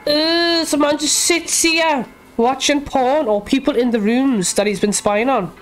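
A young woman talks through a horror game at an unhurried pace, with a high voice. She chats to herself and the game, swearing and shrieking at the scares. Faint game music plays behind her. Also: fairly even intonation. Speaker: gaming YouTuber. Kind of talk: casual let's-play commentary.

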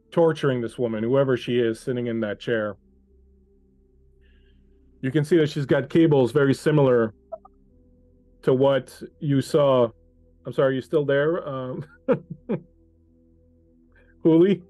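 A game master, male and medium-pitched with a dark tone, narrates scenes unhurriedly in second person to a player on an online call. The sound carries no echo.

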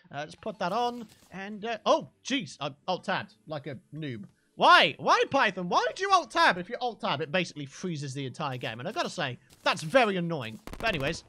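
A man hosting a let's play video, talking excitably and chattily to his viewers as he plays. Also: sits high. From Britain. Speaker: gaming channel host.

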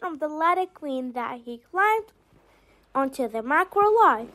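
A woman reads a children's storybook aloud with a very high voice. She reads slowly and clearly, stretching out the sentences. Her pitch moves a lot to keep young listeners engaged. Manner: slow, expressive read-aloud. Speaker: narrator.

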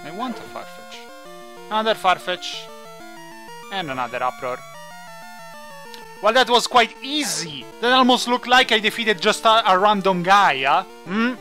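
A man's voice: high voice, expressive, a little slow, pauses often, pushed and bright, soft background music. A man who is not a native English speaker, chatting and joking through his let's play. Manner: chatty, jokey, thinks aloud. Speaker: gaming channel host.

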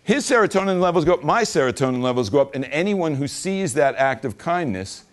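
A man's voice: a little high, animated, a little fast. A man giving a casual, joking talk to an audience at an event, laughing along with them. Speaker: speaker at a business event.

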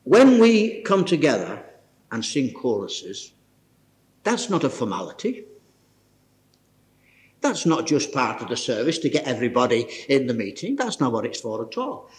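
A man's voice: medium pitch, wildly swooping pitch, moderate pace, long pauses, slight background noise. An older man preaching an informal sermon to a church meeting, folksy and exclamatory, often chuckling as he talks.

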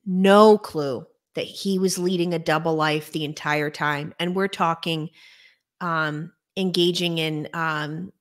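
A woman hosting a casual conversation as a coach, animated and quick to laugh, often repeating words. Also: low-pitched. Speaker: podcast host and coach.

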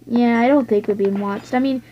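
A woman's voice: fairly high pitch, brisk, warm tone, lo-fi sound. A woman making a goofy home skit video, playful and scatterbrained. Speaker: video maker.

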